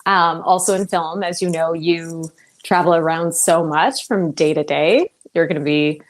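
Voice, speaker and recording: A woman's voice: fairly low pitch, unhurried, rough recording. A woman in her thirties, an actor and producer, talking in a casual, chatty interview with lots of fillers. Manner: chatty, upbeat, many fillers.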